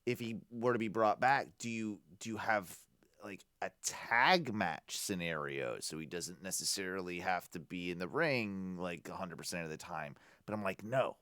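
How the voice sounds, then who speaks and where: A man with a fairly low voice lays out his opinion on a chat podcast, emphatic and working through his ideas as he talks. The sound is dry and close, with no room around it. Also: moderate pace, a bit bright, no room sound. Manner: opinionated, emphatic, thinks aloud. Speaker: podcast co-host. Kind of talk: casual chat.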